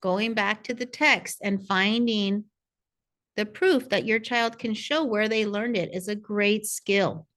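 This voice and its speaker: A woman's voice: medium pitch, slow, fairly bright tone. A woman narrating a parent workshop as a reading coach, in a patient, encouraging teacher tone. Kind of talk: scripted instructional narration.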